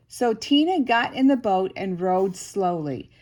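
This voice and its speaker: An older woman reading a picture book aloud to a child, expressive and slow, with chatty asides. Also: medium pitch. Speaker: storyteller grandmother.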